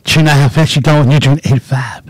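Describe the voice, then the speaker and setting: A man's voice: medium pitch, fairly even intonation, fast talker, dry recording, pitched below the performer's own voice, natural voice. A man voicing a tiny, stern male state trooper with a clipped, drawling delivery.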